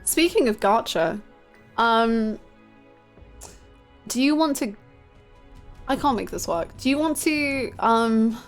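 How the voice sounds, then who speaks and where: A woman's voice: fairly high pitch, lively intonation, slow pace, pauses often, faint music behind. A woman streaming a game live, chatting casually, self-mocking and answering her chat aloud.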